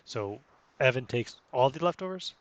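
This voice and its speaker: A man's voice: mid-range voice, expressive, moderate pace. A man running a tabletop role-playing game for friends, talking casually, laughing often and stumbling over the math. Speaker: game master.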